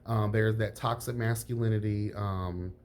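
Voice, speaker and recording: A man reviewing a reality show in casual chat, sassy and frank, calling everyone honey and girl, his pitch jumping up on emphasis. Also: a little slow. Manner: lively pitch jumps on emphasis.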